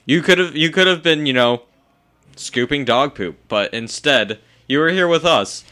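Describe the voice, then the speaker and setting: Teen boy co-host, deadpan absurdist, bright and sharp in tone. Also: fairly high pitch, normal speed. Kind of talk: goofy casual chat.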